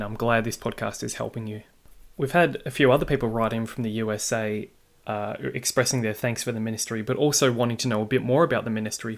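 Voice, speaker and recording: A man with an Australian accent, hosting a podcast, reading and answering listener feedback in a measured, explanatory way with occasional fillers. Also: on the low side. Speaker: podcast host.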